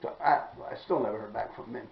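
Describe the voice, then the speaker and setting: Podcast host, New man, heavy vocal fry, blunt and profane, roomy dull recording. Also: medium pitch, fast talker. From New York City. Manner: blunt, profane, rambling, clears throat often. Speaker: podcast host telling graffiti stories. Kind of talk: casual storytelling monologue.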